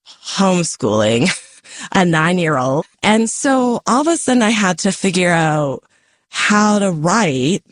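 A woman from the American West, an author and poet, answering interview questions in a measured, reflective way with frequent soft laughs. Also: low-pitched, dry recording.

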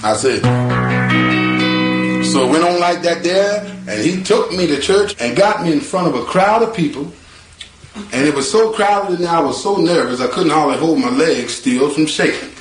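A man telling a personal story in a casual, animated way, acting out the voices of the people in it. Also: on the high side, moderate pace. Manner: animated, acts out quoted voices, laughs. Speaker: storyteller guest. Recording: echoey room with guitar music.

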